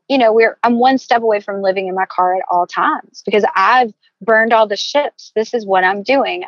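Animated woman telling her story, lo-fi. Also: medium pitch, no room sound. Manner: animated, candid, quick storyteller. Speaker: podcast guest, entrepreneur. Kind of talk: casual interview storytelling.

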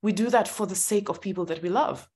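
Podcast guest, woman, mid-pitched, candid, laughs easily between thoughts. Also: fast talker, a little mellow. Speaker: guest author. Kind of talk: podcast interview.

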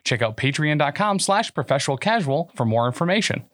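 Guy reading the show plugs, slightly high voice, lively pitch, dry close mic. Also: no echo. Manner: brisk scripted read of plugs. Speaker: podcast announcer. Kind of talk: read promo announcement.

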